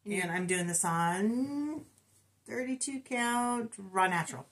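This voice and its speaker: A woman's voice: mid-range voice, expressive, slow pace. A middle-aged woman co-hosting a cross-stitch video, chatting casually and reporting her stitch counts with self-deprecating humor. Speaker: co-host of a cross-stitch channel. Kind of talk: casual chat.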